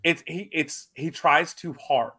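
A man from South Louisiana, co-hosting a casual wrestling podcast, animated and chatty. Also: on the high side, slow, husky. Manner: animated, drops into mock Cajun voices. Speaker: podcast co-host.

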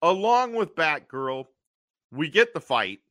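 A man co-hosting a podcast, recapping an old TV episode in an animated way, acting out the characters' lines and often clearing his throat. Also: a little high, slow, no room sound, clean studio sound. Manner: animated storytelling, acting out quotes in funny voices. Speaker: podcast co-host.

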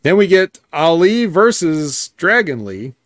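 A man's voice: a little high, sing-song, a little slow, no room sound. A man co-hosting a wrestling podcast, recapping the shows in a matter-of-fact, sarcastic way. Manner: recaps events matter-of-factly, dry sarcasm. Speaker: podcast co-host.

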